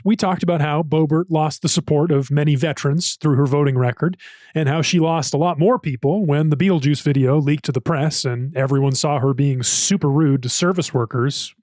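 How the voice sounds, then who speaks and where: A man, the show's producer, narrating a scripted recap in a steady, explanatory way. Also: on the high side, no echo, clean studio sound. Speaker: podcast producer.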